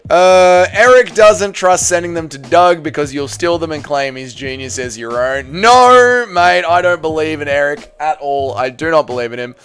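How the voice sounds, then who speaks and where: A man's voice: a little high, normal speed, hardly any pauses, a bit bright, clean tone, faint music behind. A man hosting a casual livestream, reading viewer messages aloud with loose banter and muttering to himself while he works the computer. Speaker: livestream host.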